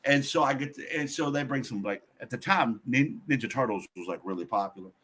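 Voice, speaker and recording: A man guest on a podcast, telling a personal story in a blunt, profane, animated way. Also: medium pitch, fairly quick, husky. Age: adult.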